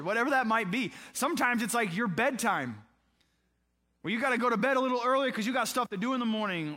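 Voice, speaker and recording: In a very high, pushed and bright voice, a pastor questions his listeners as he preaches. He slips into the roles of people in his story, performing their short conversations.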